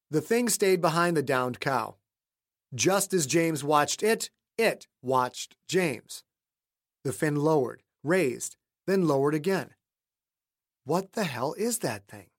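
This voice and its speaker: A man giving a scripted, measured narration of a horror audiobook. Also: fairly high pitch.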